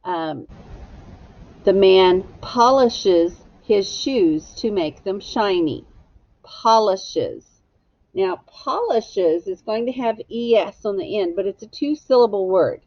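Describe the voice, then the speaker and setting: A woman's voice: mid-range voice, animated, slow, darkish tone, no room sound, dull audio. A woman teacher giving a phonics lesson to young children, patiently sounding out and spelling each word.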